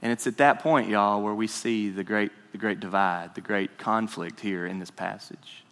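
A man's voice: lowish voice, fairly even intonation, moderate pace, few pauses, fairly bright tone, in a large hall. A man preaching a conversational sermon as pastor, asking the congregation questions.

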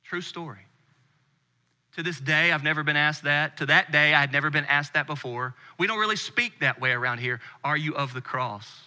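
A man in his thirties from the United States preaching a sermon with earnest intensity, dropping to a hush on key phrases. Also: on the high side, brisk. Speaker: pastor. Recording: long hall reverb.

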